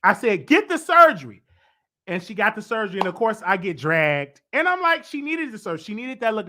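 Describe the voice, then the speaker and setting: A man with a bright, sharp-edged voice hosts a celebrity gossip show, delivering blunt, opinionated commentary. He talks in an animated way, his pitch leaping high whenever he stresses a point. A slight congestion sits in his voice throughout. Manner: animated, swoops up high for emphasis. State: congested, stuffy voice.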